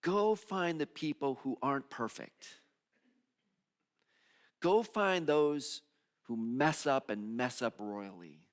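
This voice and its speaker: A male minister giving a sermon in a conversational, expressive way, moving between hushed moments and emphatic ones. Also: mid-range voice, slow pace, pauses often. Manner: conversational, with restarts and repeated phrases.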